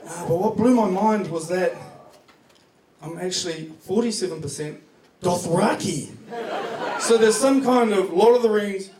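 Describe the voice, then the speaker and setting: A man doing a stand-up set on a comedy club stage, delivering his jokes deadpan into a handheld mic while the audience laughs. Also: high-pitched, measured pace, recorded from a distance, some chatter behind, a little hiss or hum. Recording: echoey club recorded from afar.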